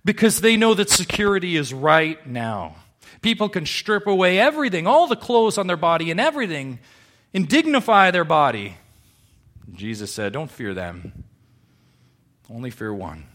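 A man's voice: sits high, sing-song, moderate pace, a bit bright. A male pastor preaching a Sunday sermon in church, emphatic and full of rhetorical questions. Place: church service.

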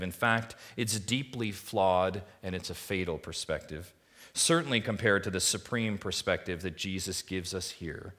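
A male pastor with a fairly low voice delivers a sermon. He swings from hushed, reflective passages to rising, emphatic appeals, pressing his listeners with repeated rhetorical questions.

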